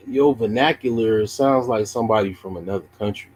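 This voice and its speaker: A man who streams chess and mocks a viewer, asking drawn-out questions in a teasing way. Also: on the low side, a little mellow, slightly rough, poor audio. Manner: mocking, taunting, drawn-out questions. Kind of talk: casual livestream chat.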